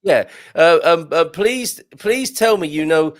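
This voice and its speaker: A man's voice: fairly high pitch, expressive, dry recording. A man hosting a live show, chatting and reading out viewer comments with plenty of restarts. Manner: chatty, halting, with many restarts. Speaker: host.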